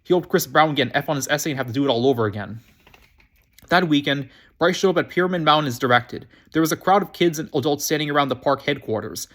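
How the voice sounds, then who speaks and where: A man reading a children's novel aloud, quick and prone to restarting phrases. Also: a little high, fairly bright tone. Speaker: reader.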